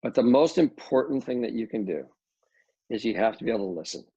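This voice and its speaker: Gravelly middle-aged man, halting speech. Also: mid-range voice, animated, dark tone, no room sound. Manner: halting, many restarts and fillers. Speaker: real estate developer, guest. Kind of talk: casual interview talk. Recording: dull lo-fi dry audio.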